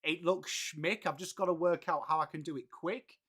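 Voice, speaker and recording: Man, English accent, late thirties, stream host, high voice, chatty, calls everyone mate. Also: steady tone, moderate pace, fairly bright tone, husky. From England. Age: late 30s. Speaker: livestream host. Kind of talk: casual live-stream chat.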